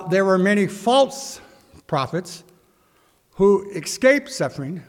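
A man preaching a sermon as a pastor and reading scripture aloud, his voice rising and growing louder in the quoted mockery. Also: a little high. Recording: hall reverb.

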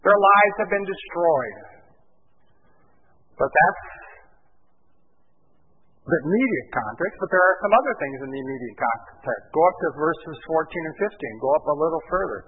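A man's voice: fairly high pitch, animated, moderate pace, pauses often, breathy edge. A male pastor preaching a sermon, often putting questions to the congregation. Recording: tinny phone-like sound in a long-reverb hall.

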